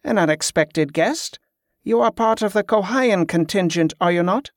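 A composed spell-working monk who speaks with measured courtesy and a quiet menace, as a male narrator voices him. His voice sits a little above the narrator's own and sounds dry and close. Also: high voice, lively intonation, no room sound, voice pushed up. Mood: probing. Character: calm, watchful monk who works spells.

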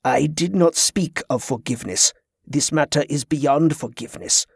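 A man's voice: on the high side, moderate pace, vocal fry, slightly rough, dry recording, studio quality. A man doing a stern old fighting master. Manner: clipped, flat and commanding. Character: stern old male combat master, cold and grave.

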